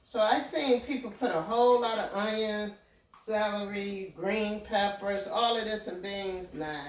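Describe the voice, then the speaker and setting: Slow, unhurried woman cooking in an echoey kitchen. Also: mid-range voice, distant mic, slight background noise. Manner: homey, step-by-step, often checks in with "okay?". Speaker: home cook. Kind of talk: casual cooking demonstration. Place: home kitchen. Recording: echoey kitchen, voice from away from the mic.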